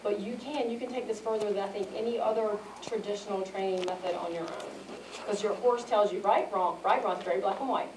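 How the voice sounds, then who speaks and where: A woman speaking quickly and earnestly, wrapping up an event with encouraging closing words. Her voice carries from a little way off the mic and rings around an echoey hall, with a faint hiss underneath. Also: mid-range voice. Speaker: event organizer. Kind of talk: closing remarks to an audience. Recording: echoey room, mic some distance away.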